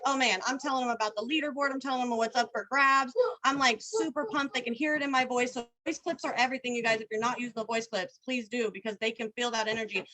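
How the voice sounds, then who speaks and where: A woman on a video call talking fast and excitedly, full of slang and energy. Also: high-pitched, low-quality recording. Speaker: team leader guest. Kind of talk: casual video call chat.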